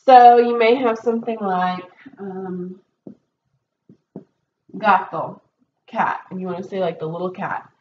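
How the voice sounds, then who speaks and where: A woman Spanish teacher reviews a test with her class in a dull, roomy recording with faint noise. Her medium-pitched voice is steady and a little slow, and she pauses often, patiently guiding students with plenty of ums and okays.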